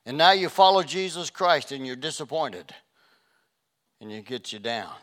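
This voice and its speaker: A man preaching a sermon as a pastor, passionate and swinging between loud and hushed delivery. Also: medium pitch, lively intonation, moderate pace.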